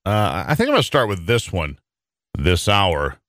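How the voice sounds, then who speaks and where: A man's voice: sits low, very animated, moderate pace, a bit bright, dry recording, clean studio sound. A middle-aged man from Michigan hosting a talk radio show, chatting in a rambling, conversational way full of fillers.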